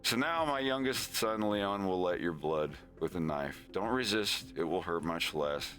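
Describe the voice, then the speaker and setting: A man voicing a calm, cruel older male crime boss who makes cold, measured threats. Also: low-pitched, faint music behind. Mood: threatening.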